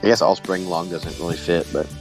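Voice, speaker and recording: A man co-hosts a casual wrestling podcast, joking around and laughing a lot in an animated way. His voice sits low and moves a little fast, with music playing behind him.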